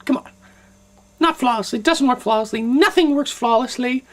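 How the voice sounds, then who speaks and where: A woman rants on camera in a high voice, sarcastic and animated. She riffs through an opinionated commentary, slipping into mocking asides. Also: brisk. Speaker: vlogger.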